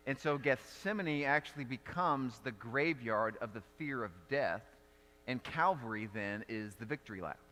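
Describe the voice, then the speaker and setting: Male pastor, conversational sermon, bright voice, long church reverb. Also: medium pitch. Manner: conversational, earnest, many restarts and "like".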